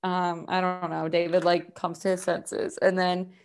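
Brief: lowish chatty young woman co-host. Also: little pitch movement, measured pace, clear, resonant tone. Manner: chatty, swears, lots of "like". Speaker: podcast co-host. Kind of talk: casual chat retelling Bible stories.

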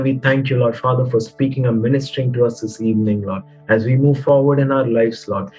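A man's voice: mid-range voice, darkish tone, husky, low-quality recording. A man pastor preaching and then praying aloud, earnest, repeating "Lord, Father" between phrases. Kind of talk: sermon and spoken prayer.

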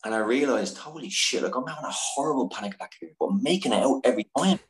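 A man's voice: mid-range voice, animated, quick pace. A man who is a podcast guest, telling an earnest, emotional personal story. He swears freely and often restarts his sentences. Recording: echoey room.

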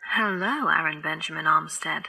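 A woman's voice: low-pitched, moderate pace, gravelly, heavy background noise. A woman voicing a flirty female AI assistant living in a phone, teasing and coy.

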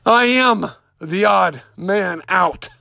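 Male podcast host, high and gravelly, rambling and upset, unscripted monologue. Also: extremely slow, sharp tone.

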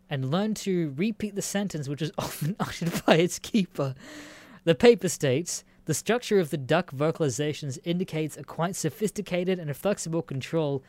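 A man's voice: fairly high pitch, a little mellow. A young Australian man hosting a casual solo podcast, reading news aloud and reacting with swearing and frequent laughter. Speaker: podcast host.

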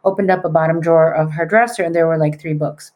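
Animated middle-aged woman telling a story. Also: low-pitched, quick pace, dull audio. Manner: animated, acts out the people she quotes. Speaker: podcast guest. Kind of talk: casual storytelling in conversation.

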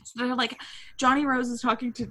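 A woman's voice: a little high, flat delivery, brisk, a bit bright. A woman co-hosting a podcast in casual chat, laughing hard and swearing freely as she retells favorite scenes. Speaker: podcast co-host.

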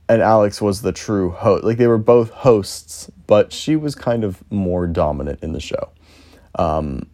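On a solo podcast, a young male host rambles through a casual monologue, putting himself down and cursing freely while thinking out loud. His voice sits on the low side with a dark tone.

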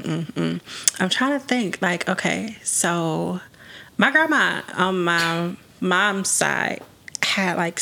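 A woman co-hosting a podcast, chatting casually with playful quick reactions. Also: on the low side, creaky, sharp tone. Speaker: podcast co-host.

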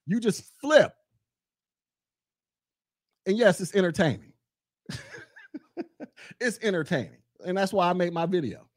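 A man doing a casual commentary podcast from his desk at home, blunt and mocking with loud bursts. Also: sits high, lively intonation, a little slow, long pauses, no echo, studio quality.

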